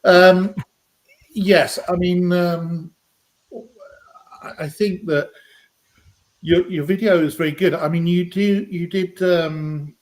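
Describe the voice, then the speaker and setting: A man's voice: high voice, steady tone, slow, long pauses. Chatty British man hosting a livestream. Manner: chatty, rambling, lots of ums and uhs. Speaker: livestream host. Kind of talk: casual live-stream chat.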